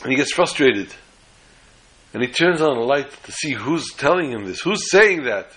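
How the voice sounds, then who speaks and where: A man's voice: mid-range voice, expressive, moderate pace, a bit bright, a little hiss or hum, low-quality recording. A man giving a Torah class lecture, explaining step by step and often restarting or rephrasing words mid-sentence. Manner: tells jokes as illustrations. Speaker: Torah teacher.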